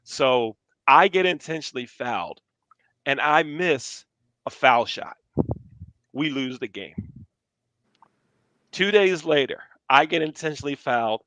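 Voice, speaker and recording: A man with a high, bright voice tells stories in a relaxed, animated way. He repeats key phrases for emphasis, and the sound is dry and close. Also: measured pace, pauses often, no room sound. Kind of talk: casual storytelling.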